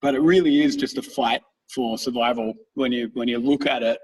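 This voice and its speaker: A man's voice: mid-range voice, fairly even intonation, brisk, a little mellow, recorded from a distance, a little hiss or hum, rough recording. A man in his thirties, co-hosting a podcast, who rambles through casual stories and swears freely. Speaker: podcast co-host. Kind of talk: casual chat.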